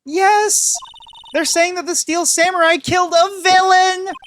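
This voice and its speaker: A woman voicing an excitable young spirit-medium assistant, reading game dialogue aloud in a shrill, breathless, urgent way. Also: unhurried, slight background noise. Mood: panicked.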